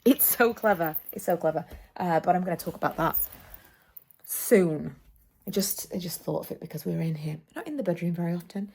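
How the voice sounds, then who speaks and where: Lady in her 30s vlogging from home, lowish voice, chatty and laughs at herself. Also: a little fast, gravelly, dark tone. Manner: chatty, enthusiastic, self-deprecating. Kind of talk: casual chat to camera.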